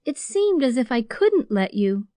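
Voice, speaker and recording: A fussing, warm-hearted former maid, as a woman narrator plays her, soothing and entreating in homely speech. The reading is dry and close. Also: high-pitched, big pitch swings, measured pace, no echo, voice pushed up. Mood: dismayed.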